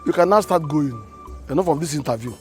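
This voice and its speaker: A man's voice: fairly high pitch, expressive, quick pace, darkish tone, faint music behind, natural voice. An actor with a Nigerian accent playing a curt man who mockingly sends someone away. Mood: dismissive. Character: dismissive man ending an interview.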